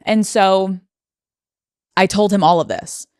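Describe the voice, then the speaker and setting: A woman's voice: mid-range voice, slow, no room sound. An American woman in her thirties, a podcast host, speaking candidly and emotionally with many fillers, close to tears. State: near tears. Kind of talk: personal monologue.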